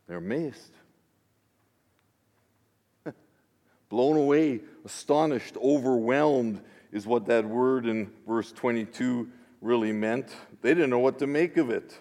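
A male pastor preaches slowly and deliberately, dropping to hushed asides before rising to emphatic declarations. His voice sits at an ordinary male pitch. It rings out with the long reverb of a church sanctuary. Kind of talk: sermon. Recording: long reverb of a large hall.

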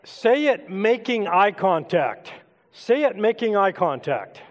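A middle-aged man with a high voice leads a relaxed, interactive sermon, coaxing his congregation to take part. His voice rings out with a long reverb that trails through a large church sanctuary. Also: slow, highs cut off. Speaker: pastor.

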